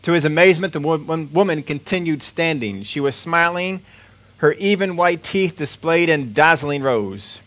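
A man preaching, reading a story aloud as a sermon illustration at a steady storytelling pace. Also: a little high, moderate pace, no room sound. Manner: steady storytelling, occasional slips.

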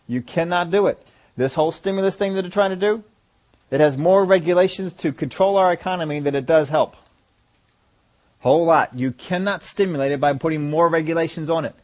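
A man's voice: sits high, a little mellow. A man preaching a sermon, asking the congregation rhetorical questions and driving his points home with emphasis.

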